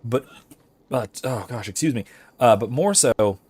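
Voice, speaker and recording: A man's voice: medium pitch, animated, unhurried, a little mellow, slightly rough, no room sound. A man hosting casual gameplay commentary on philosophy, hiccuping throughout and apologizing while rambling with many fillers. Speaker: philosophy lecturer and let's-play host.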